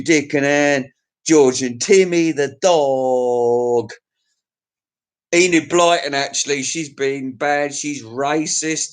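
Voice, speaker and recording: A man with a slightly high voice hosts a livestream, rambling through crude, profane, jokey stories in a casual chat with his viewers.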